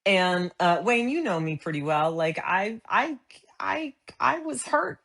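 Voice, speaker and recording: A woman's voice: medium pitch, measured pace, gravelly. A middle-aged woman telling a story as an interview guest, acting out the dialogue as she goes. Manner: animated, acts out quoted dialogue. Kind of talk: conversational storytelling.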